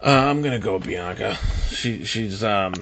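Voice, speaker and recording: A man co-hosting a casual podcast, husky and hesitant as he gives his picks. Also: lowish voice, normal speed, fairly bright tone, a little hiss or hum. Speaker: podcast co-host. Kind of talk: casual chat.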